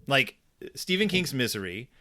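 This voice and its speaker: Animated man chatting about a book. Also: medium pitch, moderate pace. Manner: animated, thinks aloud with many fillers. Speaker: podcast co-host. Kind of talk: casual book discussion.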